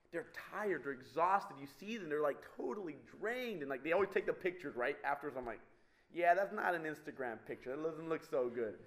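Lively high-voiced man telling funny stories. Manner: animated, acting out voices of the people in his stories. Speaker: speaker addressing an audience. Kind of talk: humorous storytelling talk.

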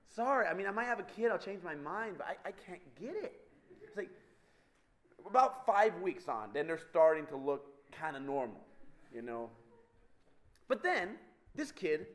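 A man with a high voice that swoops all over the place tells funny everyday stories to a crowd. He is animated and keeps slipping into the voices of the people he describes. It sounds like a humorous talk on stage. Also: normal speed. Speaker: speaker addressing an audience.

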